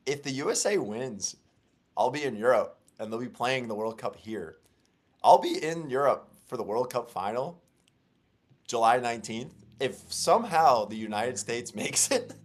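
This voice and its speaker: A young man co-hosting a casual sports podcast, chatty and upbeat when he tells a story. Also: mid-range voice. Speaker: podcast co-host.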